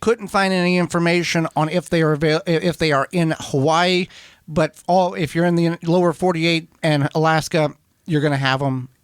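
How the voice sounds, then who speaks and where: A man with an Upper Midwest American accent, co-hosting a gardening radio show in unhurried, halting casual chat. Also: fairly high pitch, steady tone, smooth, no room sound, studio quality. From Wisconsin. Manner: unhurried, halting, restarts mid-sentence.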